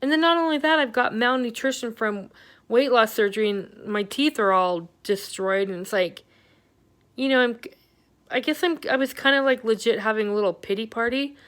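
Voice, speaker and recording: Middle-aged woman vlogger, candid and rambling, clear smooth voice, venting health update. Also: a little high, moderate pace, a bit bright. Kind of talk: personal health update vlog.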